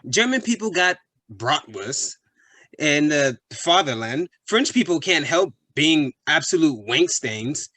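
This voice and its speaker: A man's voice: fairly high pitch, big pitch swings, slow pace, bright, forceful tone, no room sound, heavily acted. A man playing a crude, leering British bloke. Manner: leering, boastful, full of slang. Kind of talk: comedy sketch acting.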